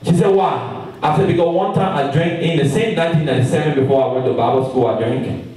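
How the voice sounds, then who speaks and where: A man preaching a storytelling sermon, animated and calling out to his congregation from the pulpit. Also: a little high, fast talker. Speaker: pastor. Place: large church hall. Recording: echoey hall, mic far off.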